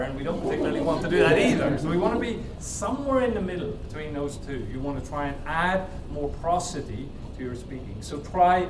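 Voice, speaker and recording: An Irish man leading an interactive workshop in a large hall, teaching with lively demonstrations of emphasis and tone. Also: on the high side, brisk, hardly any pauses. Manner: energetic, demonstrates with exaggerated emphasis. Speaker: workshop presenter. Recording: echoey hall, mic far off, crowd noise.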